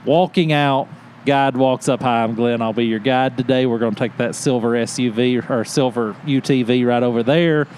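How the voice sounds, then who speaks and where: A man on a podcast telling a hunting story in casual chat, animated and laughing often as he acts out what people said. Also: mid-range voice, moderate pace, slight background noise. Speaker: podcast host.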